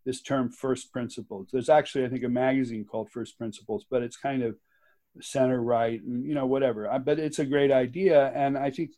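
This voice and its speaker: A man's voice: medium pitch, steady tone, brisk, mellow. A man speaking as a guest author and activist in an interview, talking with passion and emphasis, laughing often and restarting his sentences. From United States. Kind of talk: conversational interview.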